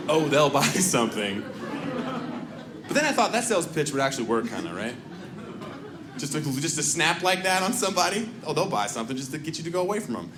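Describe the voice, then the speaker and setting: Stand-up comic, male, high and lively voice, bursts into shouted bits, live club room echo. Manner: animated, shouts and jumps into silly character voices. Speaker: stand-up comedian. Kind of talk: stand-up comedy set. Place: comedy club stage. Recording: echoey live club recording with noise.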